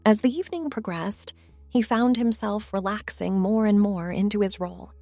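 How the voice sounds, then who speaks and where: A woman storyteller reading prose in an even, calm narration. Her voice sits at an ordinary pitch, recorded dry and close. Soft music plays faintly underneath. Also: normal speed, no echo. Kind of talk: scripted narration.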